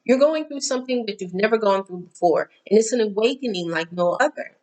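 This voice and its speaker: A woman's voice: medium pitch, expressive, fairly quick, a little mellow. A middle-aged woman hosting a casual spiritual talk, candid and emphatic, repeating herself and cursing now and then.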